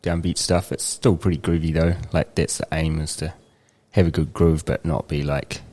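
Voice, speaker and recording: Deep-voiced New Zealand man, easygoing. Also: flat delivery, normal speed, mellow. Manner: easygoing, plainspoken, many fillers. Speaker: DJ and music producer guest. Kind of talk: casual interview chat.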